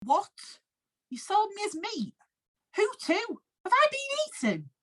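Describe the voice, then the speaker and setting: A woman's voice: very high voice, huge pitch swings, takes it slowly, fairly bright tone, voice pushed up, exaggerated voice. A woman voicing a naive dead female cow ghost who squeals and swoops in an improvised comedy scene. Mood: shocked. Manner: wide swooping squeals, wounded and gullible.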